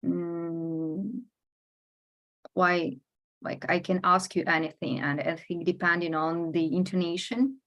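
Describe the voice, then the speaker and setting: A woman with a slightly lower voice runs a casual interview in English, which is not her first language. She listens closely, murmurs soft acknowledgments and asks questions thoughtfully. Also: fairly even intonation, takes it slowly, lo-fi sound. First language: non-native English speaker. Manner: attentive, frequent soft backchannels.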